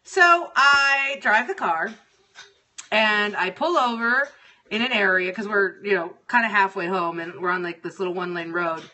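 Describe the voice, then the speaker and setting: A woman's voice: mid-range voice, moderate pace, sharp tone. A woman hosting a show, telling a story about her day in a casual, profane, exasperated way. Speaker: radio show host.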